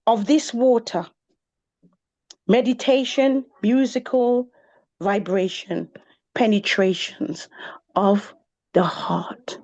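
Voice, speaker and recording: A woman's voice: on the high side, darkish tone. A woman from England performing spoken-word poetry in a rhythmic, chant-like way, with sung and exclaimed bursts. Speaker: poet. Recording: dull lo-fi recording of a live gathering.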